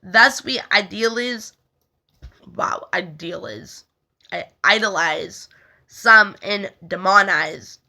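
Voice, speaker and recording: Young woman with a bright, gravelly voice, casual spiritual talk, rambling with lots of fillers. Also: medium pitch, takes it slowly. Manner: rambling, frequent "like" fillers, stumbles over words and laughs. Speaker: spiritual healing video host. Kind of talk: casual talk reading aloud from a text.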